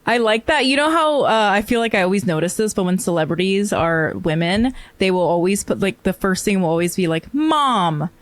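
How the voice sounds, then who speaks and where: A woman's voice: mid-range voice, brisk, hardly any pauses, dry recording. A woman comedian chatting as a podcast guest, loose and joking, often breaking into laughter. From Asia. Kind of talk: casual podcast chat.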